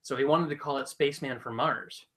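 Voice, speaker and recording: A man's voice: medium pitch, a little fast, low-quality recording. A man co-hosting a casual podcast, telling a story and acting out the quotes with energy. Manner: animated storytelling, acts out quotes. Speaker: podcast co-host. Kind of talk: casual chat. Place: small room, live podcast.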